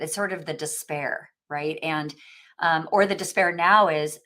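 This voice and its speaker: A woman in her forties hosts a casual interview in a lowish voice. She speaks in a reflective, earnest way, halting and restarting as she works through her ideas. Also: bright, forceful tone. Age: 40s. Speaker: podcast host.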